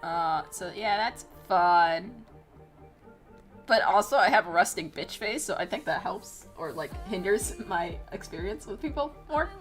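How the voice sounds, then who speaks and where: A woman's voice: mid-range voice, animated, a little slow, soft background music. A young woman telling a story casually as a streamer, profane and exasperated, with laughing squeals. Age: young adult.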